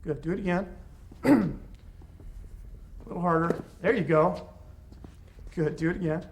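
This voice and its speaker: A man's voice: fairly high pitch, unhurried, creaky, a little hiss or hum. A man teaching self-defense techniques to a class, giving short commands and encouragement as students practice. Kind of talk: hands-on class instruction.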